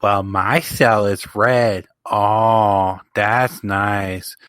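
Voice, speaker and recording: A man voicing a fussy, disappointed middle-aged mother with a drawn-out, sing-song delivery. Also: lowish voice, steady tone, a bit bright, smooth, dry recording, studio quality. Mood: huffy.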